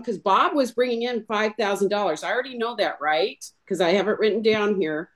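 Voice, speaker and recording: A woman explaining her sales method in an animated way, acting out both sides of a client talk. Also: mid-range voice, a little fast, hardly any pauses. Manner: animated, acts out clients' lines in a role-play. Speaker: insurance sales trainer. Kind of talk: instructional chat on a podcast.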